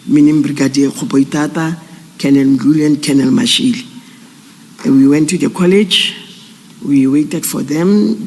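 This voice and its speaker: Man, witness testimony, gravelly, halting with fillers, reverberant hearing room. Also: a little high, warm tone. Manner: halting, measured, with many uh fillers and restarts. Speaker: police general testifying as a witness. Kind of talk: formal testimony at an inquiry.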